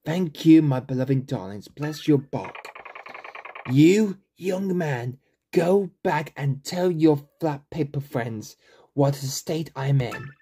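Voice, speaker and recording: A man voicing an ancient, weary male tree elder, drawing his words out slowly like an old man. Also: on the high side, lively intonation, dark tone, a little hiss or hum. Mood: pleading. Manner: slow, drawn-out old-man delivery. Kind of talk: reading game dialogue aloud in a voice.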